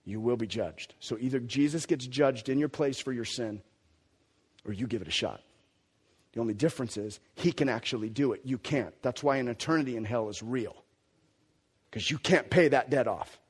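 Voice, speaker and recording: A male pastor preaching a sermon in a conversational, impassioned way, swinging between hushed and loud. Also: medium pitch, normal speed, breathy edge.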